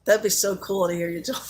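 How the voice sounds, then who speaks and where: A woman with a Central New Jersey accent and a mid-range voice hosts a casual live stream chat with viewers. She is chatty, laughs often and uses many fillers, with slight background noise behind her.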